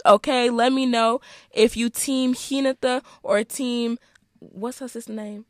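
A woman's voice: on the high side, unhurried, no room sound, studio quality. A teenage girl hosting a casual podcast, teasing her friends with joking banter. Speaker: podcast host. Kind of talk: casual teen podcast chat.

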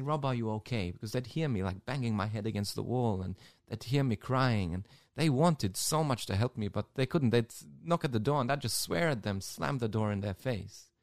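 Priest with a low voice. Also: male voice, darkish tone, no room sound, clean studio sound. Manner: emotional, halting storytelling with repeated words. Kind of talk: personal testimony in an interview.

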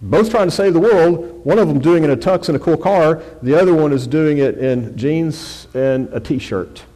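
A pastor preaching a conversational sermon, reading scripture aloud with rising force. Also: male voice, fairly high pitch, moderate pace, mellow. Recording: long hall reverb.

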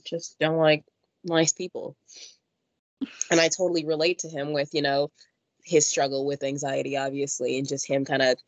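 A woman in casual conversation, animated, slipping into playful voices when she quotes someone. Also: sits low, dry recording, poor audio. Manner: animated, jumps into mock voices when quoting. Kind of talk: casual chat.

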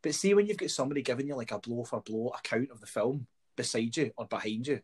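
A Scottish man in casual conversation who tells lively anecdotes and acts out other people's voices along the way. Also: mid-range voice, quick pace, slightly rough. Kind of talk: casual chat.

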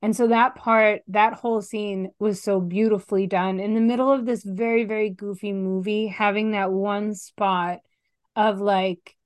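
A woman's voice: mid-range voice, unhurried, no echo. Chatty middle-aged woman, dry close sound. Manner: animated and chatty, trailing off and restarting. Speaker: podcast co-host. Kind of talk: casual chat reviewing a film.

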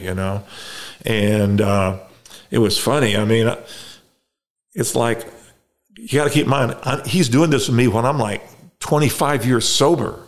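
A middle-aged man telling his recovery story as a podcast guest, halting and reflective, with many restarts. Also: mid-range voice. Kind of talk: casual conversation.

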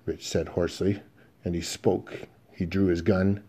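A man narrating a western audiobook in the first person, in a steady, measured storytelling manner. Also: deep voice, slightly rough.

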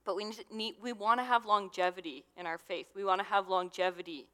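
A woman's voice: medium pitch, a little fast, sharp tone. A young adult woman giving a casual, conversational sermon as a youth minister, with lots of fillers. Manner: chatty, conversational, with many fillers. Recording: long hall reverb.

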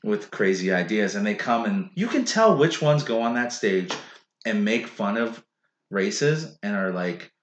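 A man's voice: fairly low pitch, very animated, a little slow, slight background noise. A man hosting a podcast in loose, rambling chat, swearing freely and leaning on "like". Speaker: podcast host and comedian. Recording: roomy echo.

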